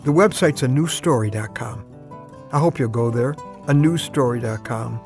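A man giving a short radio devotional talk, earnest and intimate, slowing down for emphasis. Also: medium pitch, a little mellow, soft background music. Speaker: radio preacher.

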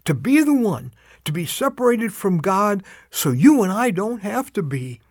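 A man's voice: high-pitched, sing-song, no echo, studio quality. Earnest man, heartfelt devotional host. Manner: heartfelt, emphatic storytelling; slows down to stress urgent calls to action.

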